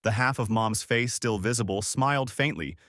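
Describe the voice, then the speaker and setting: A man reading a first-person story aloud as scripted narration, with dramatic, expressive delivery. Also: lowish voice, moderate pace, dry recording, clean studio sound.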